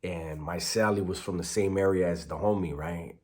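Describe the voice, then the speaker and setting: A former prisoner telling a story in casual street slang, sprinkling in Spanish words. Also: male voice, sits low, moderate pace.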